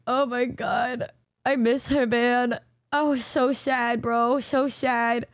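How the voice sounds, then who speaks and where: A woman's voice: a little high, no room sound, clean studio sound. A young woman streaming live, chatting casually and rambling, jet-lagged and sleepy, swearing freely.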